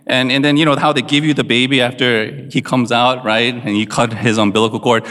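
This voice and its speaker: A man in his forties telling humorous family stories to an audience, animated and self-mocking. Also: mid-range voice, a little fast. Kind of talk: humorous personal storytelling to an audience. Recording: long reverb of a large hall.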